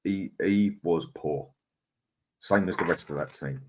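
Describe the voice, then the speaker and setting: Bloke with a real low voice doing a fan live stream, reading chat out and giving his take. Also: a little slow, a little mellow, a little hiss or hum. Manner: opinionated, conversational, stumbles over names.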